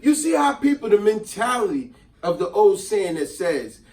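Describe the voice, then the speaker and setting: A man's voice: high voice, normal speed. A middle-aged man, telling a story in casual chat and acting out the voices of the people in it. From New Jersey. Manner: animated, acts out quoted voices. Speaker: host. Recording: echoey room, mic at a distance.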